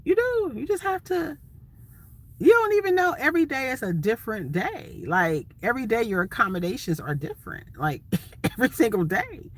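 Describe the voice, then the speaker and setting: A woman's voice: high voice, no room sound. A woman from Ohio, a van-life vlogger chatting casually and expressively with viewers on a phone livestream. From Ohio, USA.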